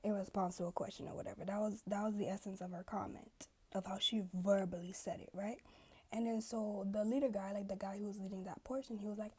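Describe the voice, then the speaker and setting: A woman's voice: mid-range voice, steady tone, a little fast, a little mellow, breathy edge. A woman vlogging in a casual, chatty storytelling way, full of asides and fillers, acting out the voices of people she quotes.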